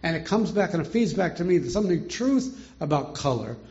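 Older male Bible teacher, gravelly and a bit high, informal and chuckling, muffled lo-fi recording. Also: expressive, brisk, a little mellow. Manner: chatty, rhetorical questions, chuckles often.

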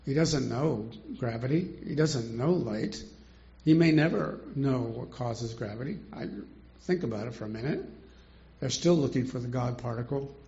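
A man's voice: medium pitch, moderate pace, vocal fry, mellow. An older man teaching a Bible study in a chatty way, asking rhetorical questions and chuckling often, on a dull lo-fi recording.

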